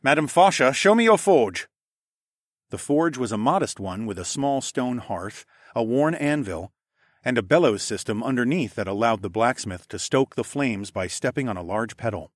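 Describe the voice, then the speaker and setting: A man narrating a fantasy audiobook in a first-person voice, putting on higher voices for the characters. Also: animated, moderate pace, dry recording, clean studio sound. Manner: voices characters with raised pitch. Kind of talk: scripted narration.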